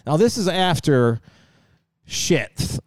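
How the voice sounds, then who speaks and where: A man co-hosting a podcast, telling a rambling, profane story with laughs, loud outbursts and mumbled asides. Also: on the high side, slow, no room sound, clean studio sound. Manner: animated, swearing, laughing storyteller. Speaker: podcast co-host. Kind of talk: casual storytelling chat.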